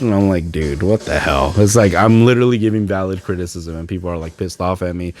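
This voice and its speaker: This young podcaster's low, slightly mellow voice races along with few pauses as he rants by himself. Frustrated, he mocks what other people have said throughout his monologue.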